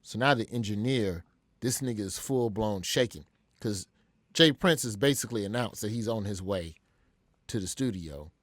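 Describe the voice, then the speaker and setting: A man's voice: fairly low pitch, moderate pace, dry recording. A male comedian from Alabama telling a story vividly as a guest in an interview.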